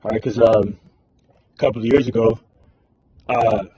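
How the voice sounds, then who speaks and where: A man's voice: on the low side, fairly even intonation, normal speed, warm tone, slight background noise, low-quality recording. A man giving informal religious commentary, rambling and packing his talk with fillers like "all right" and "man". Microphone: phone screen recording.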